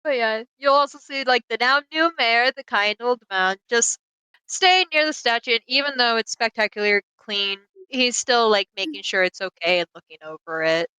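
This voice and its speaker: A woman narrates a tabletop game as its game master. Her voice is bright and crisp, and her talk is loose and chatty with plenty of fillers. She sounds close and dry on a call mic. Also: a little high, moderate pace, dry recording, rough recording.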